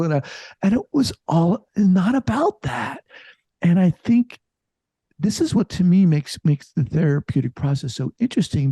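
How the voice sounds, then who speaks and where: A middle-aged man, a psychologist, talking reflectively in an interview, halting and restarting as he thinks aloud. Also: fairly high pitch, husky, no echo. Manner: reflective, halting, many restarts, lively emphasis. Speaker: psychologist and podcast host, guest here. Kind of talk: casual interview conversation.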